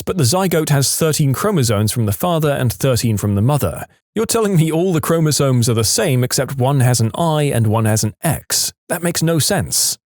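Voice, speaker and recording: A man narrating reddit stories aloud in a lively storytelling manner, with brief voiced quotes. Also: medium pitch, no echo, clean studio sound.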